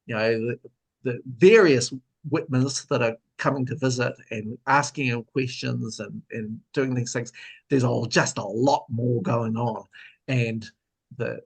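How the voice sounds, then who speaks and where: New man, mid-pitched, thoughtful guest, talks through ideas with trailing fillers. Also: gravelly, slightly rough. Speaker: guest author. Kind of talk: casual discussion.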